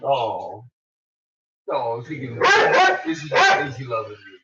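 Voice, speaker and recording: Animated, slow-talking home cook vlogger. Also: mid-range voice, heavy background noise. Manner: animated, laughs often, swears, coos at pets. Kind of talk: casual cooking vlog. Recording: dull lo-fi audio with loud dogs and clicks.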